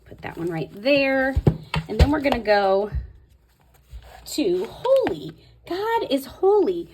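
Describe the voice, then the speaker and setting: A woman's voice: high-pitched, sing-song, slow pace, noisy background. A woman host talking casually through a Bible tabbing tutorial, thinking aloud as she marks pages. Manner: chatty, thinking aloud while marking her Bible. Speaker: Bible study video host.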